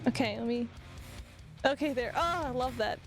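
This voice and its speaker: A woman's voice: on the high side, moderate pace, soft background music. A young woman chatting casually with her stream while she draws, rambling and laughing often. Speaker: vtuber art streamer. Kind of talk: casual livestream chat while drawing.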